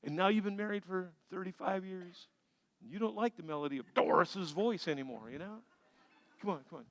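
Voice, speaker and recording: A man preaching a sermon as pastor, animated and acting out little everyday scenes for the congregation. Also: sits high, brisk. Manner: animated, acts out little scenes with shifting energy. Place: large church sanctuary.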